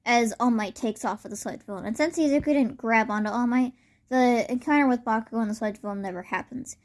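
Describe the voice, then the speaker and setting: Young woman, casual spoken fan story, rambling, lots of fillers, slightly high voice. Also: fast.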